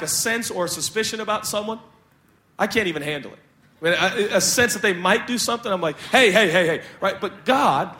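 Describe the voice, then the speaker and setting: A man preaching a sermon, animated and joking, talkative and expressive, poking fun at himself. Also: high voice. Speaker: pastor.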